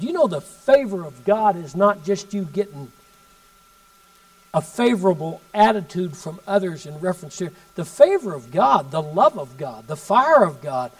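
A man preaching a sermon and telling a story, emphatic, swinging from loud bursts to hushed asides. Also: high-pitched, big pitch swings, moderate pace, recorded from a distance, poor audio.

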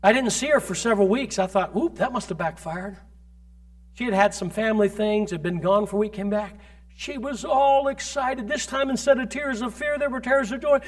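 A man preaching as a pastor, telling stories from his ministry with emphatic delivery that rises to loud peaks. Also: sits high, moderate pace. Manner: storytelling, recounting ministry experiences. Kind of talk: sermon.

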